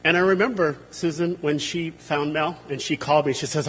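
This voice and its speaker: A slightly high, husky male voice tells warm, funny stories at a memorial service. The sound carries a long reverb from the hall. He livens his anecdotes by acting out what people said. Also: a little fast. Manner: humorous, animated when quoting others. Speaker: eulogy speaker, friend and colleague. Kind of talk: memorial eulogy, anecdotal storytelling.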